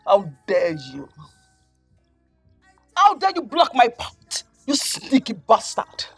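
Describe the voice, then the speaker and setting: A betrayed young Nigerian-accented woman with a husky edge, speaking slowly and bitterly. Her pitch rises and falls with feeling. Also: wildly swooping pitch, no echo, soft background music, heavily acted. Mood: furious. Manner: accusing, bitter. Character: jilted young woman, furious then resigned.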